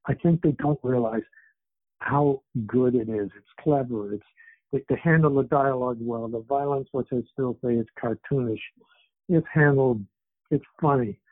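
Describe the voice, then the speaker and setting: In a dry recording, a mid-range male voice at moderate pace comes through a tinny phone line. It's a 70s author, England-born and Canada-raised, rambling with lots of fillers as a guest in a casual interview chat.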